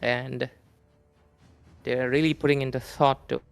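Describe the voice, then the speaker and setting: A man casts an esports match in an easygoing, joking way. His voice is gravelly with some fry, yet clear and smooth. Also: medium pitch, flat delivery, measured pace, no room sound, soft background music. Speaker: esports caster. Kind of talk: live game commentary.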